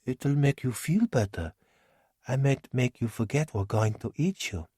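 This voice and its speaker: A man's voice: mid-range voice, lively intonation, measured pace, warm tone, slightly rough, no echo, studio quality, pitched above the performer's own voice. A man voicing a simple, childlike cave creature who talks in a naive, earnest way in a storybook. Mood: eager.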